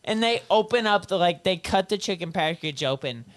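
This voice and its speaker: A man's voice: high-pitched, animated, a little fast. A man telling a story as a podcast guest in casual chat, laughing often as he talks.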